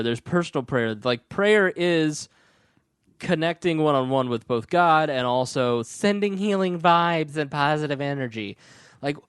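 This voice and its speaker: A male podcast co-host ranting sarcastically in a casual, animated chat. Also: mid-range voice, clean tone, no echo, clean studio sound.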